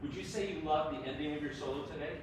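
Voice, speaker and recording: A man's voice: fairly high pitch, quick pace. Encouraging man giving performance feedback. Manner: encouraging, animated, laughs often. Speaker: performance adjudicator. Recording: echoey room, far from the mic, noisy.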